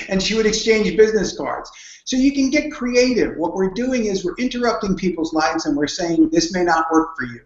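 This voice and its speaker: Speaking at a normal speed with lively intonation and a high-sitting voice, this man is a network marketing guest answering interview questions on prospecting. He tells stories earnestly and often starts his sentences over, and the audio has a dull, roomy quality.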